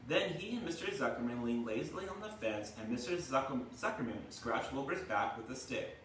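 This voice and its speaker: A man's voice: mid-range voice, animated, a little fast, fairly bright tone, distant mic, a little hiss or hum. Male teacher reading a storybook to kids at home, chatty, stops to explain words; echoey room, mic well back. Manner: chatty, explains words, tags lines with "right?". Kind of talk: reading a storybook aloud to a class. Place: home kitchen.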